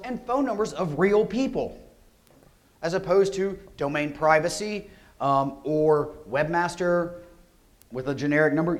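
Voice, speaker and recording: Upbeat man giving a conference talk. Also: high-pitched. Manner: energetic, conversational, rhetorical questions. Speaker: conference speaker. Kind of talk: security conference presentation. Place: conference hall.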